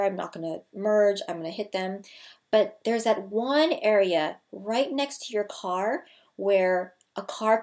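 Upbeat woman in her thirties, coaching talk. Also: mid-range voice. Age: 30s. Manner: energetic, emphatic, repeats key phrases. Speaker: people skills coach. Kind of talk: scripted-feeling casual vlog talk to camera.

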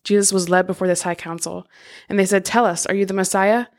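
A woman reads scripture aloud at a steady, measured pace. Her pitch sits in the middle range and barely moves, so the reading comes across as even and flat. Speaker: podcast co-host reading scripture.

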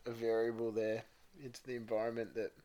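A man co-hosting a podcast, chatting casually in halting, rambling sentences. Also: mid-range voice, monotone, warm tone, lo-fi sound, slight background noise. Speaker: podcast co-host. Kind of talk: casual chat.

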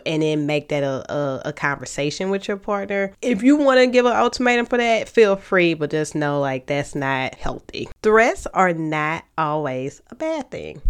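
A woman's voice: low-pitched, clear, resonant tone. A woman hosting a podcast, giving casual relationship advice in a chatty way, often saying "like" and "um" and acting out example lines. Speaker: podcast host.

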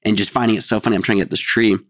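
A man with a somewhat low voice co-hosts a casual podcast. He tells stories with animation, switching into little quoted voices along the way. The recording is dry and close. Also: rapid-fire, no echo. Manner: animated storyteller, acts out quotes. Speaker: podcast co-host. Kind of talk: casual storytelling chat.

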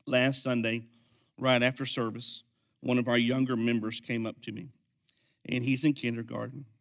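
A man preaching a sermon as pastor, swinging from quiet, intense lines to loud, energetic ones. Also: mid-range voice, moderate pace, vocal fry.

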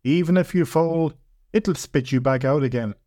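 Man doing a calm, matter-of-fact compound keeper. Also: on the high side, moderate pace, dry recording, studio quality, natural voice. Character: older male wizard-like compound owner, dry and matter-of-fact.

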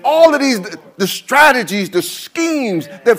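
High, lively preaching pastor. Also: male voice, unhurried, hardly any pauses, some chatter behind. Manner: preaches in rising chants and shouts, repeating phrases. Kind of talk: sermon.

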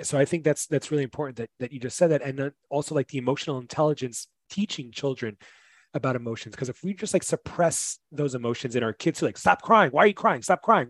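A man's voice: medium pitch, a little mellow, no room sound. A man with a mid-range voice speaks casually and thoughtfully, stringing ideas together with plenty of "like" fillers. The recording is dry and close. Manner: casual, thoughtful, heavy use of "like". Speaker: podcast guest and father. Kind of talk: casual conversational podcast.

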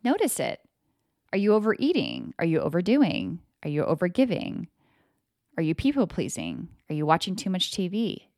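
A lowish voice with wildly swooping pitch carries this energy coach's solo podcast talk at a normal speed; she's casual, forceful, and unafraid to swear, often launching into loud mock voices. Studio quality, no echo.

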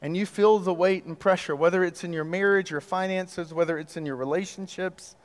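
A man delivers a sermon with a fairly high voice and an easy, conversational way of preaching. He leans on rhetorical questions and dramatic pauses. His words ring out in a large hall with long reverb. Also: steady tone. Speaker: pastor.

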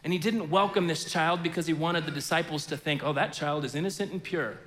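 Bright-voiced male preacher in a big hall. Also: fairly quick. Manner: storytelling, swings from loud bursts to hushed low lines. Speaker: pastor. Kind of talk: sermon. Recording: reverberant hall sound.

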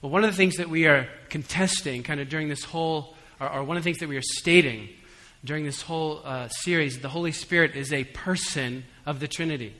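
A man preaching a sermon in a church hall, conversational with humorous asides, swinging between soft reflection and emphatic calls to the congregation. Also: on the high side, a little fast, few pauses. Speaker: pastor. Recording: long hall reverb.

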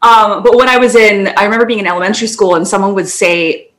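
A woman's voice: mid-range voice, fast, a bit bright. A woman co-hosting a podcast in casual chat, rambling through tangents and laughing often. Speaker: podcast co-host.

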